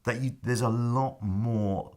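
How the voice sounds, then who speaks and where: An actor telling a lively backstage story in a casual interview, acting out what people said. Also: male voice, mid-range voice, slow pace. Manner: animated anecdote-telling, acts out his own past lines. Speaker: actor guest.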